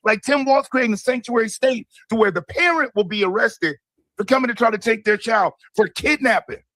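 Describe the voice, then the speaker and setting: A man's voice: extremely high pitch, brisk, fairly bright tone, dry recording. A man from Michigan hosting a political commentary show, talking emphatically and indignantly. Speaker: host.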